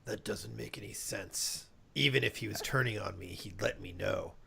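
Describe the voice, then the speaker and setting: A man plays his character at a tabletop game with a gravelly, creaky voice. He laughs often between lines. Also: lowish voice, normal speed, pushed and bright. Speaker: player.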